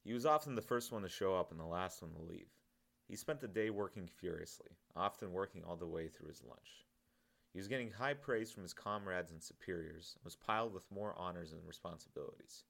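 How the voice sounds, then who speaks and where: Give me a man narrating his own audiobook, calm, with a gravelly, deep voice. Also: fairly quick. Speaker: author reading his own novel.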